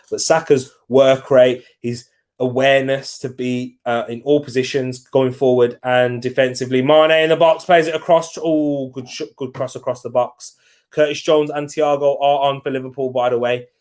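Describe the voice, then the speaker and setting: A man's voice: medium pitch, flat delivery, moderate pace, darkish tone. Chatty young man hosting a football watch-along. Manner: chatty, reads out viewer comments, reacts to play. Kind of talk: casual live football chat.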